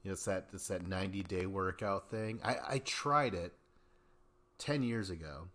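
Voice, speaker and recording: A man's voice: low voice, normal speed, fairly bright tone. Rambling, swearing man recapping a show. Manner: rambling, profane, acts out quotes in mocking voices. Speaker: podcast host. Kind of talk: casual recap commentary.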